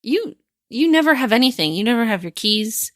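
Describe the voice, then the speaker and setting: A woman with a somewhat high voice chats on a podcast, ribbing her co-host and laughing often. The sound is close and dry. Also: very animated, a little fast, dry recording. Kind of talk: casual chat.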